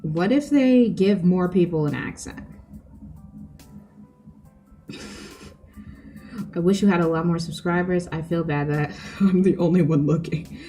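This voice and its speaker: A woman's voice: on the low side, a little slow, long pauses, dark tone, faint music behind. A young woman streaming, chatting casually with her viewers, giggly and full of fillers. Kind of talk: casual chat with livestream viewers.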